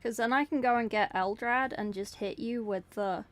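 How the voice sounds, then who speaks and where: A woman's voice: fairly high pitch, moderate pace. Chatty woman streamer, New Zealand tinge. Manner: chatty, joking, self-mocking. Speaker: streamer and miniature painter. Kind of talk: casual live-stream chat answering viewers. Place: dark room at home at night.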